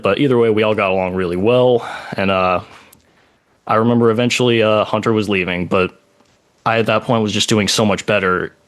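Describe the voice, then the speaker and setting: A man with a fairly low voice recounts a personal story in casual podcast talk. He speaks haltingly, breaking his sentences with pauses and "like" asides.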